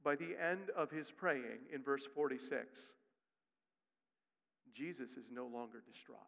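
A male pastor preaching a sermon. He moves from quick, quiet asides to loud, rising emphasis. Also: mid-range voice, vocal fry. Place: church sanctuary. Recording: long reverb of a church hall.

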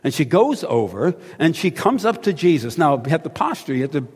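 A man's voice: fairly high pitch, big pitch swings, a little fast, darkish tone, breathy edge. A man preaching a sermon in a conversational, storytelling manner. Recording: long hall reverb.

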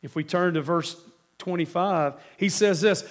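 A man's voice: high-pitched, unhurried. A male pastor with a cold preaching a sermon, emphatic and asking the congregation questions. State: has a cold.

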